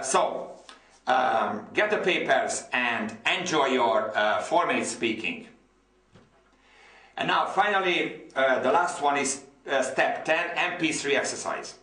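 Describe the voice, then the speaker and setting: A man's voice: on the high side, pushed and bright, reverberant. A man with a Hungarian accent, a native Hungarian speaker, giving an online English lesson with enthusiasm, repeating words and using many fillers. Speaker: English teacher.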